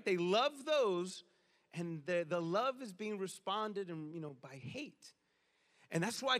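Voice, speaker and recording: A male pastor with a high, bright voice delivers a sermon in a casual, lively way. He drops in slang and keeps asking the room "right?", sounding conversational and animated rather than formal.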